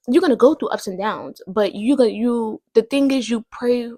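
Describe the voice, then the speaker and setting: A woman's voice: fairly high pitch, expressive, normal speed, darkish tone, dry recording. A woman hosting a casual faith podcast, rambling and thinking aloud with many fillers. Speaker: podcast host.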